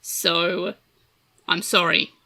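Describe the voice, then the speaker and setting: A woman's voice: on the low side, steady tone, very slow, pushed and bright. A woman with an Australian accent, talking casually as the host of a podcast, chatty and self-deprecating.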